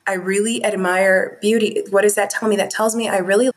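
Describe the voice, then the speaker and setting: A woman's voice: medium pitch, fairly even intonation, a little fast, few pauses. A woman talking earnestly and from the heart as a guest in a podcast interview. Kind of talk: conversational interview talk.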